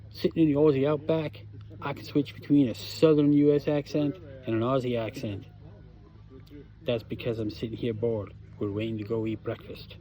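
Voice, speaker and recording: A man's voice: medium pitch, little pitch movement, normal speed, warm tone. Rambling man vlogging from a campground. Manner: rambling, frequent uhs and restarts. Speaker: camping vlogger. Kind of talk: casual vlog talk. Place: campground, outdoors.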